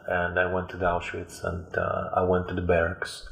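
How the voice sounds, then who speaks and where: Deep, flat-voiced man telling his story. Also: creaky, roomy sound. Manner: halting, with frequent fillers and restarts. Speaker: interview guest. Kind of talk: personal storytelling.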